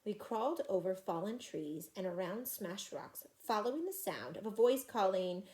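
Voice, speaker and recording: A woman reading a children's chapter book aloud in an expressive, animated way. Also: medium pitch, moderate pace. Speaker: reader.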